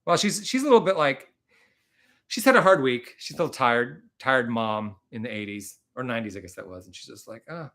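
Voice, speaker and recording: A man hosting a casual live stream with a bright, forward tone at a middle pitch. He rambles and chats freely, laughing often as he goes. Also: animated, brisk.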